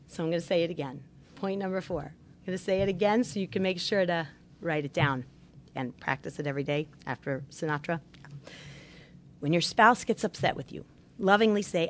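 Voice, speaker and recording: A middle-aged woman, a marriage therapist, giving an earnest instructional talk on marriage with religious teaching and gently stressing her key points. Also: on the low side, expressive, moderate pace, a little hiss or hum.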